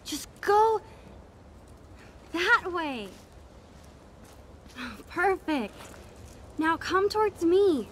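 An actress voicing a gentle, shy young teenage girl who speaks softly and sometimes whispers. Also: very high-pitched, expressive, extremely slow, long pauses, slight background noise, exaggerated voice. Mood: guiding. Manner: soft-spoken, sometimes whispering.

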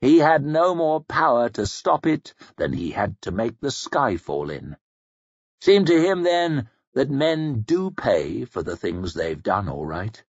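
A man narrating a fantasy audiobook in a grave, measured storytelling voice that sinks low in quiet passages. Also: very animated, husky, no room sound. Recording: dull lo-fi audiobook recording.

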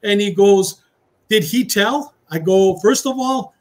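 A middle-aged man, a retired police officer, tells a story in a casual interview, speaking slowly in a high voice. He's an animated storyteller who acts out the dialogue and slips into Spanish phrases.

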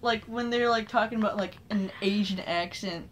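A woman's voice: medium pitch, normal speed. A young woman vlogger chatting casually with her friend, rambling with lots of fillers and frequent giggles.

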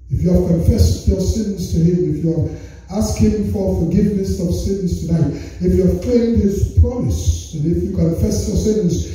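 A man's voice: high voice, dark tone. A man preaching a revival sermon in a large tent, repeating his lines and stretching out phrases. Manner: repetitive call-and-response preaching, drawn-out phrases. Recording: echoey tent from far off.

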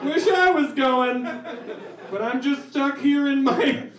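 A comedian voicing a brash, boastful airport security guard with a New York accent. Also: male voice, very high-pitched, slow pace, slight background noise, pitched above the performer's own voice. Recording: roomy club sound, distant mic, audience laughter.

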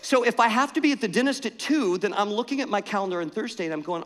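Man, pastor, storytelling sermon, high voice, long church reverb. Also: quick pace. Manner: animated, self-mocking, conversational. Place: church sanctuary.

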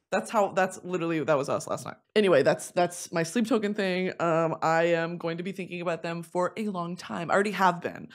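A young woman in her twenties telling a funny story in casual chat as a podcast host, dropping to low mutters and rising to squealing laughs. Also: a little fast. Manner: animated, swings from low confiding mutters to shrieking laughs and squealed whispers.

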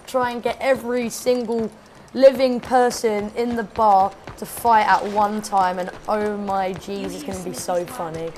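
A man giving excitable, shouty let's-play commentary. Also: high-pitched, unhurried, slight background noise. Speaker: gaming YouTuber. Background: loud game music and sounds.

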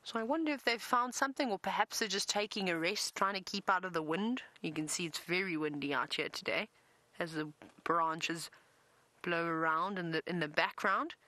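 Bright chatty woman guiding a safari. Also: lowish voice, normal speed, no room sound, poor audio. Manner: chatty, enthusiastic, self-deprecating. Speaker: safari guide presenter. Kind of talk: live safari commentary. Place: open safari vehicle outdoors in wind.

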